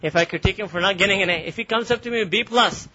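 Male Quran teacher, rapid, animated and laughing, high and bright voice, lo-fi lecture recording. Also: noisy background. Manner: animated, laughs often, switches between English and Urdu. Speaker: religious teacher.

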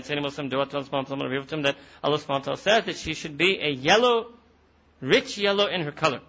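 A man's voice: on the high side, bright, forceful tone, husky, highs cut off. A man teaching a Quran lesson, retelling a story and repeating phrases for emphasis, with Arabic and Urdu words mixed in. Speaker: Islamic teacher.

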